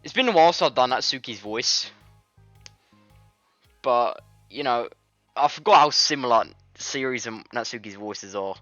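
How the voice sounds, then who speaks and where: A man's voice: medium pitch, animated, moderate pace, long pauses, sharp tone, no room sound, dull audio, faint music behind. A man casually reading a visual novel aloud for a let's play, fumbling and self-mocking.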